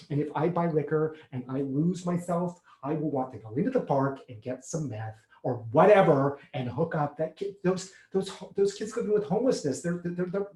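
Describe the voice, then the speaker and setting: Stage monologue: man as a rattled recovering drinker, stammering, higher-pitched, echoey room. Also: darkish tone, a little hiss or hum, lightly acted. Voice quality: halting, stammering, repeats himself. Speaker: man phoning his sponsor.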